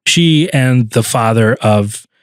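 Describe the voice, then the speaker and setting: Brief: man co-host, mid pitch, relaxed and chatty, dry close mic. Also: slow, no room sound. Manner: easygoing, laughs often, lots of fillers. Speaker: podcast co-host, wedding videographer. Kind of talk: casual chat.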